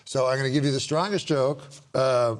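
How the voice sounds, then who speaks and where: A man hosting a talk show, chatting casually, reading jokes off cards, halting and laughing a lot. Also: medium pitch, a little hiss or hum.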